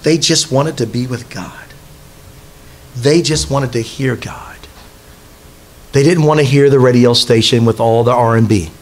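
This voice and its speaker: A man's voice: medium pitch, a little slow, pauses often. A man preaching a sermon in a church, talking to the congregation in a conversational way and asking them rhetorical questions.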